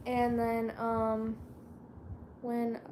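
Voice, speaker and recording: Rambling teen girl, slightly high voice. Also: completely flat delivery, extremely slow, dark tone, a little hiss or hum. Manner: rambling, keeps losing her train of thought, slangy. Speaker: vlogger. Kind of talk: casual chat to camera.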